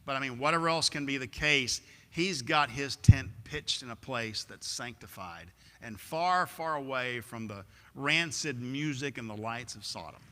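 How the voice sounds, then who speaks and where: A man's voice: medium pitch, normal speed, few pauses, bright, forceful tone. A man preaching a sermon in a church, telling a story and acting out its scenes. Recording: echoey church hall.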